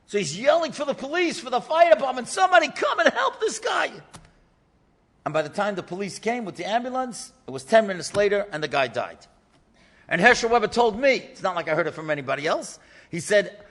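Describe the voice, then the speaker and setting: A man, a rabbi, telling a story in an animated lecture and acting out the voices of the people in it. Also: high-pitched. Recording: lecture in a reverberant hall.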